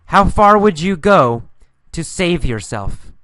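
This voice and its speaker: A man teaching an English listening lesson, telling a mini story and repeating each line slowly and clearly for learners. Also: fairly high pitch, very animated, bright, forceful tone, dry recording, studio quality. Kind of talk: guided story narration with instructions.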